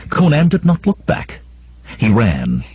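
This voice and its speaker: A man's voice: medium pitch, wildly swooping pitch, a little slow, slightly rough, no room sound, poor audio. A man narrating an audiobook in a dramatic reading style. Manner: dramatic, voices shouts of characters. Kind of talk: scripted narration.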